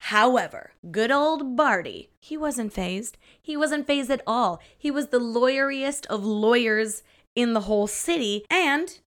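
A woman's voice: on the high side, expressive, a little slow, fairly bright tone. A woman hosting a podcast, telling a story in a playful, casual way, often laughing and dropping into dramatic whispers. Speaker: podcast host.

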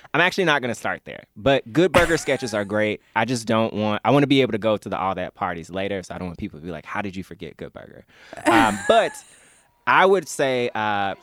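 A man's voice: mid-range voice, fairly bright tone. A man in his thirties chatting as an interview guest, enthusiastic and rambling, laughing often. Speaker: guest, comedy fan. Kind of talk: casual interview chat.

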